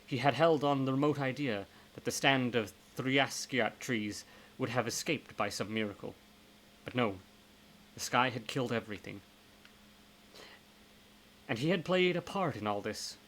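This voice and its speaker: A man narrating a horror novel aloud in a live-streamed reading, in steady tones with occasional self-corrections. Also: mid-range voice, normal speed, a little hiss or hum, low-quality recording. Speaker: reader.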